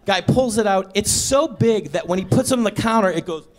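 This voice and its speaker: On a comedy stage before a live audience, a man does a stand-up set with a high voice, lively intonation, and a brisk pace. He tells a story awkwardly and sheepishly, with bursts of exasperation.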